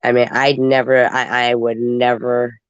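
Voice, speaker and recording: A man's voice: medium pitch, completely flat delivery, unhurried, clear, resonant tone, dry recording. Congested man rambling on a livestream. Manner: rambling, talks straight to viewers. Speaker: livestream host. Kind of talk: casual livestream commentary. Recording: dull lo-fi stream audio.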